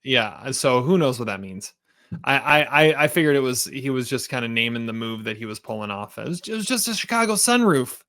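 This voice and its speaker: A man's voice: medium pitch, a little fast, no room sound, clean studio sound. A man co-hosting a casual TV review podcast, chatting loosely and quoting scenes with laughs. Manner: relaxed, laughs and quotes lines in a raised voice. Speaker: podcast co-host.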